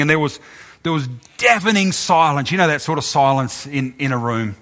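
Bright-voiced man telling a sermon story. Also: on the high side. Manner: halting, repeats words. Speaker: preacher.

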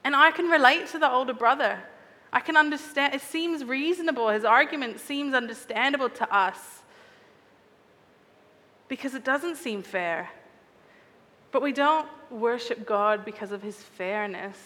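A woman's voice: high-pitched, normal speed, pushed and bright. Earnest woman preaching in an echoing hall. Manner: earnest, reflective, asks searching questions. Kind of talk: sermon.

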